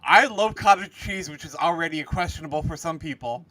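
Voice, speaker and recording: A man co-hosting a casual live show, dropping quick wisecracks and short comments. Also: a little high, bright, forceful tone, poor audio.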